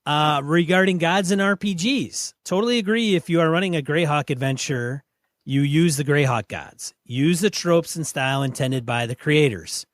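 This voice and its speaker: A man with a fairly high voice co-hosts a gaming podcast and talks in a blunt, plain-spoken way. He reads listener mail and chats casually. The sound is close and dry. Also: normal speed, no room sound. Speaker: podcast co-host.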